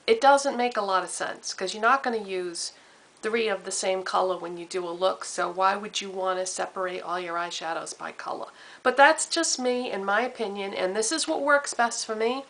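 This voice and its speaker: Slow, chatty woman makeup vlogger. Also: mid-range voice, fairly bright tone. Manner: lists product names one by one, chatty. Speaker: beauty vlogger. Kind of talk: casual makeup vlog. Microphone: camera mic.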